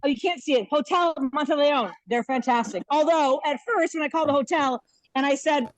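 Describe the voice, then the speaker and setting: High-voiced woman comedian in her fifties. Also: a little fast, poor audio. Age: 50s. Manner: animated storytelling with laughs. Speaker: stand-up comedian. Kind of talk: live virtual stand-up set. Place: hotel room. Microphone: laptop webcam on a video call.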